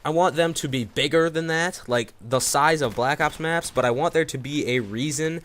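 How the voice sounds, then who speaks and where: A man's voice: fairly high pitch, normal speed, a bit bright. A young man giving casual gameplay commentary, rambling and repeating words with many fillers. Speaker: gaming commentator.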